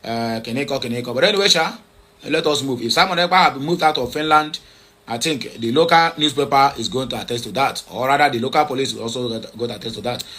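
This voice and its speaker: A mid-range, fast voice with a bright, forceful edge belongs to this online news commentator discussing social media posts. His delivery is hesitant and repetitive, packed with fillers and self-corrections, pressing points with urgency.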